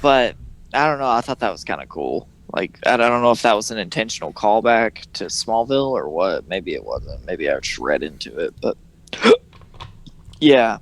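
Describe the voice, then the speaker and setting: A young man chats casually as a podcast co-host, joking his way through the conversation. His pitch swings widely and animatedly, and he drops into mocking impressions of the people he's talking about. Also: big pitch swings, moderate pace. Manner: joking, acts out characters in mocking voices. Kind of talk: casual chat.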